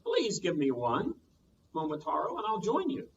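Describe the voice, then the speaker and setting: A man voicing an excitable chattering monkey in a squeaky voice, heard from a distance on muffled audio. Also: moderate pace, slight background noise, full character voice. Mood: excited.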